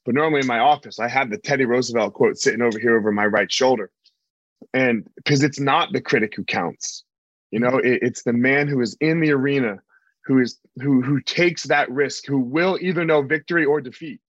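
Male podcast host in a hotel room, laid-back, mid pitch, dry close sound. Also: brisk, no room sound, lo-fi sound. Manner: relaxed, affirming, repeats phrases. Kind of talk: casual interview chat.

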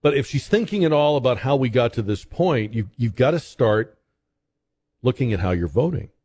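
A man hosting a talk radio show, commenting in a conversational, halting way with frequent fillers and restarts. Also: mid-range voice, lively intonation, darkish tone, breathy edge.

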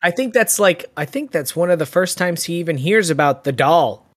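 Animated woman acting out movie scenes. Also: on the low side, moderate pace, no echo, studio quality. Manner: animated, acts out scenes, profane. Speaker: podcast co-host. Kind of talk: casual movie review chat.

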